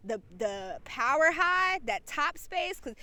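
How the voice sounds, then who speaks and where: Bright-voiced woman telling a profane story. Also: high-pitched, slow pace. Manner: animated, profane, laughs often. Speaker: podcast host. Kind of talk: casual storytelling monologue.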